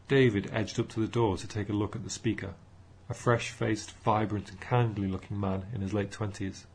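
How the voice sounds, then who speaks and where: A man narrating an audiobook in a measured storytelling manner. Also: fairly low pitch, level tone, darkish tone, breathy edge.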